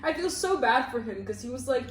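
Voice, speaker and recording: A woman co-hosting a casual book podcast, talking in excitable, rambling bursts and swearing for emphasis. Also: high-pitched, a little fast, reverberant, far from the mic, a loud crowd. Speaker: podcast co-host. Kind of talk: casual book club chat.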